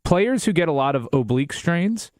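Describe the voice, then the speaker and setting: A man's voice: fairly high pitch, very animated, normal speed, darkish tone, no echo, studio quality. A man co-hosting a casual sports talk show, opinionated and blunt, swearing casually. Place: radio studio.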